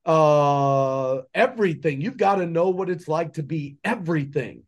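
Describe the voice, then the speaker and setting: With a fairly high voice at a measured pace, this podcast guest, an entrepreneur, mentor, and father, delivers an impassioned, preachy monologue about what he believes. Rhetorical questions come one after another.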